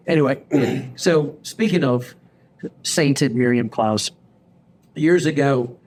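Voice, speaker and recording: Animated man telling a story. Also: mid-range voice, slow pace. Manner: animated storyteller, acts out his own quoted lines. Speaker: podcast host. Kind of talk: casual storytelling chat. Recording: faint background noise.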